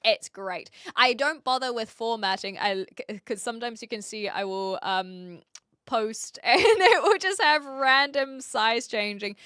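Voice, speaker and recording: A woman's voice: a little high, expressive, a little slow, fairly bright tone, clean tone, no room sound, studio quality. A young woman livestreaming, chatting casually and rambling with lots of fillers while reacting to her chat. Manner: reads chat and reacts aloud.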